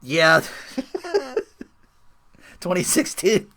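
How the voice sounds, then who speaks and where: Male podcast host, casual wrestling talk, high bright voice, very lively delivery. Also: very slow, slight background noise. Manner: animated, laughs often, acts out quotes.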